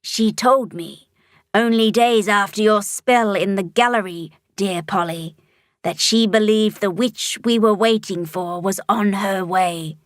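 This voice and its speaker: A woman's voice: a little slow, dry recording, studio quality, lightly acted. Carmen, growly monster mayor, voiced by a woman. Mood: gentle, solemn. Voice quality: low, growly. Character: low growly female monster mayor, kindly.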